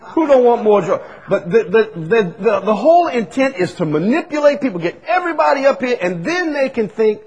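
Husky preacher man. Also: high-pitched, very animated, fairly quick, muffled recording. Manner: repetitive, emphatic preaching with rising bursts. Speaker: pastor. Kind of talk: sermon. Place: church sanctuary. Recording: long hall reverb.

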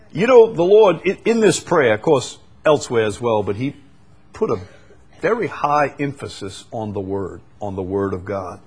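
A man's voice: on the low side, sing-song, normal speed, slightly rough. A man preaching a sermon, quoting scripture with emphatic rises and stammering repeats.

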